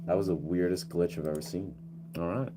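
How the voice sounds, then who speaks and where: A man's voice: low-pitched, fairly even intonation, a little fast, heavy background noise. A man streaming as a music producer, talking casually to himself and his chat while troubleshooting his setup.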